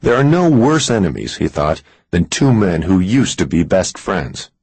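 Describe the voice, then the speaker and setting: A man reading a thriller audiobook in a measured, expressive storytelling manner. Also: low-pitched, husky, no room sound. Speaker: audiobook narrator. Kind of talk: scripted thriller narration.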